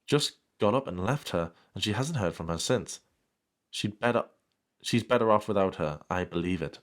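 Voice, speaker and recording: With an animated voice on the low side and a moderate pace, a man reads a fan story aloud as a comedy bit. He cuts in with dry sarcasm and mock outrage throughout.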